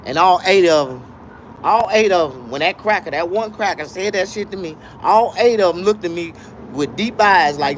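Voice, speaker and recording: A man spins a comedic tale in a profane, animated manner, his voice sitting a little high for a man. He leans hard on emphasis and swears freely. A faint hum of noise runs under the recording. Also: normal speed. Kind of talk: comedic storytelling.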